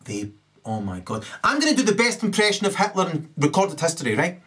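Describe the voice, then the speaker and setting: A man's voice: high-pitched, huge pitch swings, fairly quick, a bit bright. A man ranting alone to camera, who keeps tagging "right?" onto his sentences. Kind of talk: rambling solo rant to camera. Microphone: camera mic.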